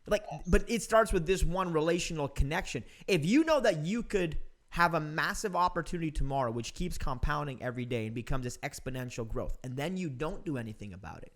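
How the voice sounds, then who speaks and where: A man's voice: on the high side, animated, fairly quick, hardly any pauses, fairly bright tone. A man in his thirties hosting a podcast, talking in an upbeat, emphatic, motivational way. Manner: upbeat, emphatic, calls listener "dude" and "man". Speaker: podcast host. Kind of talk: casual motivational interview talk.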